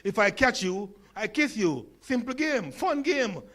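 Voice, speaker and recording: This conference speaker is a Jamaican man in his sixties whose voice sits high and a bit bright, very animated yet measured in pace. Despite a stutter and lisp, he keeps his talk funny, mixing stories with questions for the crowd.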